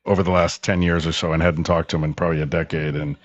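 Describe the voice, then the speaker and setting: A man's voice: sits low, level tone, quick pace, lo-fi sound. A man, a former radio host, telling long rambling anecdotes with many fillers as a guest on a call-in show. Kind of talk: casual storytelling in a call-in show.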